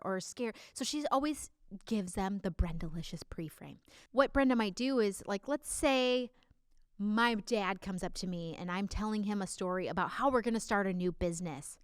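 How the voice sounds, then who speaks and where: A woman's voice: mid-range voice, clean tone, no echo, studio quality. A woman giving casual business advice straight to her viewers, bubbly and playful. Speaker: business coach.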